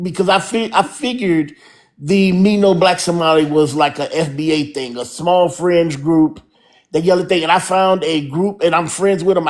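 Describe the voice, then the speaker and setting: A man hosting a live-stream panel, talking earnestly and rambling through his points. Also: a little high.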